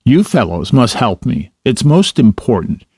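A man's voice: medium pitch, big pitch swings, unhurried, a little mellow, breathy edge, no echo, studio quality. A man voicing a rich, boastful male toad who gushes and exclaims over his latest fancy. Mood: eager.

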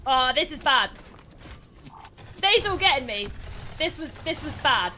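A young British woman hosting a casual gameplay livestream, excitable, chatty and quick to mock herself. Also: high voice, a little hiss or hum. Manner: excitable, chatty, self-mocking. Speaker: streamer host.

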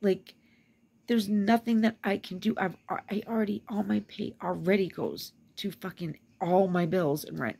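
Distraught woman ranting in a gravelly voice. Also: medium pitch, moderate pace, warm tone. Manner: distraught, swearing, swings between whispers and angry outbursts. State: upset, near tears. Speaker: vlogger venting. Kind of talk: emotional rant to camera.

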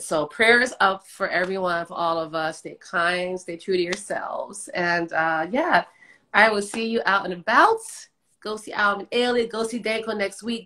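Bright-voiced woman hosting a livestream. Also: lowish voice. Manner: laughing, emotional, gushing. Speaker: livestream host, former dancer. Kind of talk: casual livestream chat.

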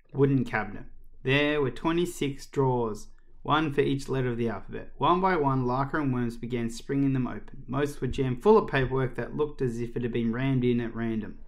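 Guy reading a kids' story out loud, lively, expressive. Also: mid-range voice. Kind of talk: reading a children's book aloud.

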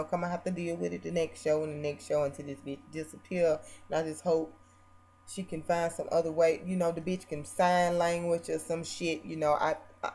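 A woman vlogger ranting casually about a reality show in a brash, profane, mocking way, swinging between loud bursts and muttered asides. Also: lowish voice.

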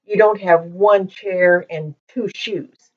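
A woman with a lowish voice teaches at an unhurried, very slow pace, explaining each point patiently and methodically. Her recording is muffled and lo-fi, from a poor-quality microphone. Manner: patient, methodical, with frequent ums. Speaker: Hebrew teacher. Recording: dull lo-fi microphone.

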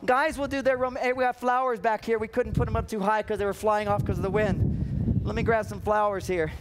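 A man's voice: sits high, fairly even intonation, fairly quick, heavy background noise. A man giving a humorous seminar talk on an outdoor stage, playfully acting out the voices he quotes. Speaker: seminar speaker. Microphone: microphone catching wind.

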